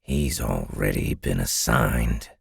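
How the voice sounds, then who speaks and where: A man voicing a stubborn middle-aged military commander, with a deep, gravelly voice and a clipped, firm way of talking. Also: takes it slowly, no room sound, studio quality, exaggerated voice. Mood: stern.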